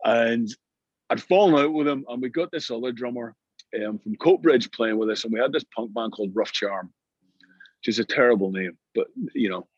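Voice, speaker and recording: A middle-aged Scottish man telling anecdotes in an interview, lively and full of restarts. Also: mid-range voice, fairly quick, slightly rough, no echo, dull audio. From Scotland. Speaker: guest musician. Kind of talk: storytelling interview.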